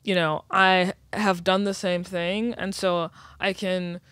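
A woman's voice: fairly low pitch, little pitch movement, slow pace, a bit bright, clear, resonant tone, no echo, studio quality. Earnest, reflective woman guest. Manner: reflective, earnest, many "like" fillers. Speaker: guest, writer and educator. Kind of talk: casual chat.

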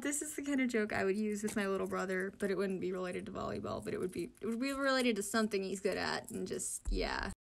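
A woman's voice: mid-range voice, very animated, fast, gravelly, few pauses. A tired woman giving casual commentary on comic dubs, laughing often, swearing and tripping over her words. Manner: giggly, swears freely, stumbles over words. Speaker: comic dubber.

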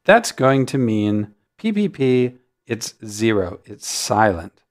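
A man hosting a music notation software tutorial, explaining settings in a relaxed way with frequent ums. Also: medium pitch, takes it slowly. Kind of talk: screen-recorded software tutorial.

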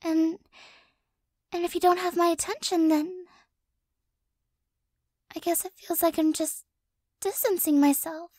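Very high, slow-spoken woman in whispered role-play. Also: fairly even intonation, no room sound, clean studio sound. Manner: soft, flustered, doting, with frequent stammers and sighs. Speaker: ASMR creator.

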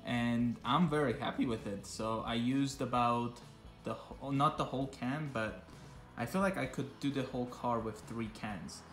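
A casual man talks through his car project in a relaxed vlog voice at an ordinary pitch. The sound carries a roomy echo, and faint music runs in the background. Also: normal speed. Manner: chatty, loose, talks to his dog between remarks. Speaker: car vlogger.

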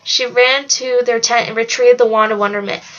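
A woman reads a novel aloud in a fairly high voice, keeping a steady pace and now and then stumbling and correcting herself. The home recording is dull and lo-fi. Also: moderate pace. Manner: steady reading with occasional slips and self-corrections. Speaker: narrator.

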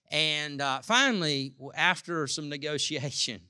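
A man's voice: medium pitch, measured pace, few pauses, bright, forceful tone, smooth, no echo, studio quality. A male pastor, sharing family stories in a casual conversational sermon with many restarts.

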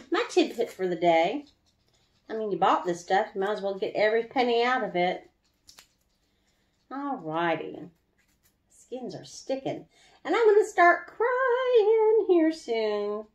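A woman's voice: mid-range voice, lively intonation, unhurried, long pauses, reverberant. A woman chatting casually through a home cooking how-to in her kitchen, laughing often and drawing out some words. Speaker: home brewing vlogger.

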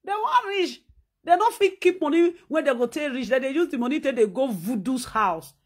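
A woman's voice: sits high, animated, a little fast, a little mellow. A woman from Nigeria with a Nigerian Pidgin accent, ranting in a scolding, mocking vlog while she sews. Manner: talks while sewing. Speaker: vlogger.

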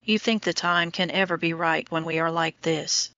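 A woman's voice: low-pitched, fairly even intonation, moderate pace, pushed and bright, dry recording. A woman reading an intense lovesick young man. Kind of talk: audiobook dialogue reading. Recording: dull lo-fi audio.

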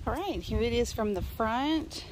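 A woman's voice: a little high, expressive, a little slow. A woman giving a casual garden-tour vlog outdoors, chatty and enthusiastic as she lists her plants. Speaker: gardening vlogger. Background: faint wind and outdoor noise.

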